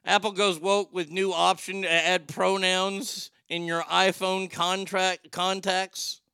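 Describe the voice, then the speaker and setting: A man's voice: sits high, flat delivery, slow pace, gravelly, sharp tone, clean tone, no room sound. A man hosting a comedy show, talking casually in a sarcastic, profane, rambling way. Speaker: host.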